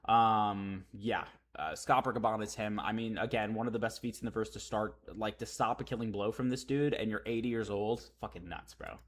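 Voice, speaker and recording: A man reading a comic chapter on a live stream and reacting with excited, profane commentary. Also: fairly low pitch, normal speed.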